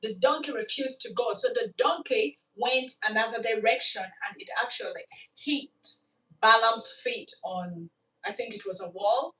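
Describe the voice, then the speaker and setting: A woman telling a story in a casual, animated way, with dramatic asides to the listener. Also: a little high, unhurried. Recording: echoey room, from far off.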